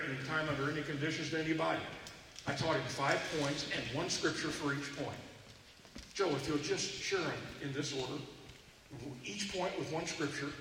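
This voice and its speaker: A man preaching a sermon from Texas, telling stories and acting out the voices of the people in them. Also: a little high. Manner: animated, acts out voices in his stories. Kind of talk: storytelling sermon. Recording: echoey hall from far off, noisy.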